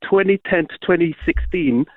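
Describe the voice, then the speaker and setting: A man's voice: fairly high pitch, normal speed, no echo. A man calling in to a radio phone-in, needling and cocky, tagging questions onto his points, heard over a phone line. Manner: cocky, needling, repeats "yeah?". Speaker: caller. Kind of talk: phone-in banter.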